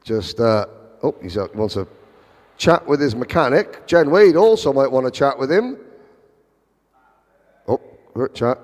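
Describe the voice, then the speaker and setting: A man's voice: medium pitch, lively intonation, normal speed, pauses often, darkish tone. A man giving live motorsport commentary, chatty with wry asides. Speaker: race commentator. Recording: long hall reverb.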